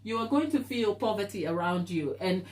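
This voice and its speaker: A woman's voice: mid-range voice, animated, moderate pace, darkish tone. Encouraging woman chatting on a live stream. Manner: earnest, encouraging, laughs easily; reads and answers viewer comments. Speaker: baking show host. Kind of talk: live-stream chat while baking.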